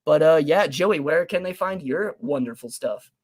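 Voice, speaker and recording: A young man co-hosting a casual sports podcast, his voice sitting a bit high for a man. He gets animated and loud when he makes a point, throwing in swearing and quick asides. The delivery stays loose and conversational throughout. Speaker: podcast co-host.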